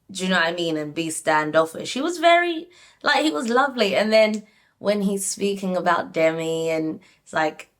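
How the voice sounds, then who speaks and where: A young woman casually reviewing a reality show, animated and talking straight to her viewers with lots of "like". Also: fairly low pitch. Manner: animated, frequent "like", addresses viewers. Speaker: reality TV recap YouTuber.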